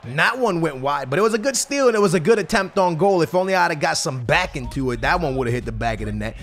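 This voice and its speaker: Young guy, high voice, hyped then grumbly commentary over a soccer game, faint music behind. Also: quick pace. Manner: excitable, slangy, swings between hype and grumbling. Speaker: gaming YouTuber. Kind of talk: gameplay commentary.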